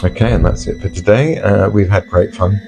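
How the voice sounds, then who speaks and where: A man co-hosting a podcast, reacting warmly and wrapping up the episode in an easygoing way. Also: fairly low pitch, brisk, vocal fry, faint music behind. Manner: relaxed, encouraging sign-off. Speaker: podcast co-host. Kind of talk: casual chat.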